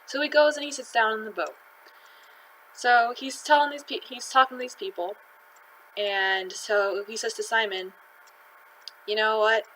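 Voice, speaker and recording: A woman's voice: fairly high pitch, steady tone, moderate pace, bright, forceful tone, slight background noise, rough recording. A woman hosting and retelling a gospel reading in a chatty, slangy storytelling way. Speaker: host.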